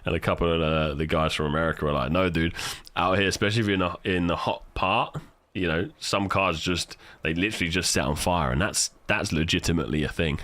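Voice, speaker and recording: A British man streaming live, chatting casually and telling stories in a profane, animated way. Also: sits low, fast, dry recording. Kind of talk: casual livestream chat.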